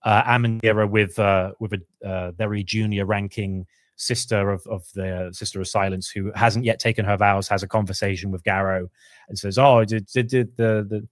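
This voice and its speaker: Low-voiced man chatting lore. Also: no room sound. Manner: animated, acts out characters' lines in quick put-on voices. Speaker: podcast co-host. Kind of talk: casual lore chat.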